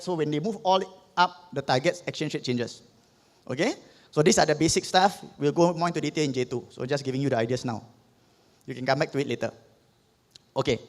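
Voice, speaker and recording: A man with a Singaporean English accent giving an economics revision lesson, explaining step by step and checking in with "okay?" after most points. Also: a little high. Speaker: economics tutor. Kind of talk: revision lecture. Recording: long hall reverb.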